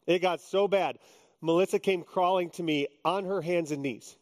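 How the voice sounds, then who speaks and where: A man's voice: high-pitched, moderate pace, in a large hall. A man in his fifties, a pastor preaching a sermon in a joking, conversational way. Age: 50s.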